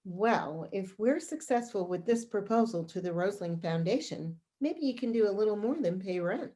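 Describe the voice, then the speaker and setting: Eager polite theatre administrator, encouraging, expressive pitch, read by a woman over a video call. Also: normal speed, natural voice. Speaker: actor in a play reading. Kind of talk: amateur remote play reading.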